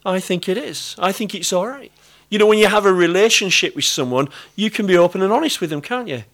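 A middle-aged man with a British accent gives a sermon. His voice sits a little high, and he talks in an earnest, conversational way, often repeating his key phrases. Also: lively intonation, fast talker, a bit bright. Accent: British English. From Britain. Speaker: preacher.

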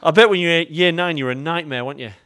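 A man's voice: fairly high pitch, rapid-fire, pushed and bright. A man with an English accent preaching a sermon as pastor. He tells stories with self-mocking humour and talks directly to his congregation.

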